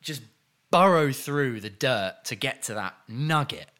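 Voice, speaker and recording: A man's voice: mid-range voice, animated, measured pace, pushed and bright. A man co-hosting a comedy podcast, dry and hesitant with stammered restarts. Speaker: podcast co-host. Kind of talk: casual comedy banter.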